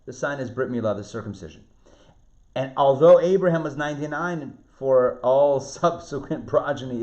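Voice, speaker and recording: A man, a rabbi, teaching an online Torah class, lively, restarting phrases and asking his students questions. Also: mid-range voice, moderate pace. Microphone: video call. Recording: roomy, muffled video-call audio.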